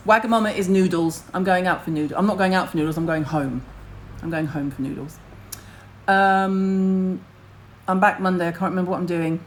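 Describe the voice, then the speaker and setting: A woman's voice: fairly low pitch, moderate pace, slight background noise, poor audio. A middle-aged woman, hosting a casual skincare livestream and chatting to viewers in a blunt, rambling way, with the odd casual swear.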